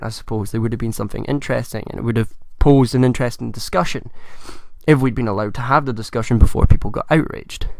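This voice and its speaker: A young man speaks in a hoarse, croaky voice with a gravelly edge. He talks in a measured, thoughtful way, like a solo commentary vlog. The sound is dry and close, with no room echo. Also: medium pitch. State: hoarse, croaky from a chest infection. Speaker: commentary vlogger.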